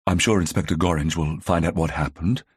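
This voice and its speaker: A man's voice: low voice, steady tone, a little fast, breathy edge, no room sound, studio quality. A man reading an audiobook, voicing a polite young vicar's daughter who speaks delicately and encouragingly. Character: tactful young vicar's daughter, genteel sleuth.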